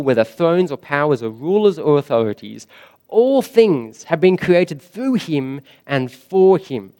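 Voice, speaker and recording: Slow, emphatic male preacher. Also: on the high side, a little mellow. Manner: slow, emphatic preaching with dramatic rises and drops. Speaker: pastor. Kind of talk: sermon.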